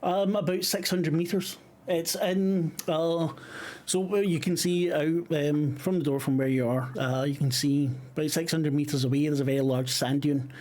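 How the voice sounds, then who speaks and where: Halting game master, fairly high voice. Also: male voice, steady tone, a little mellow. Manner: halting, filler-heavy narration. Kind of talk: narrating a tabletop game.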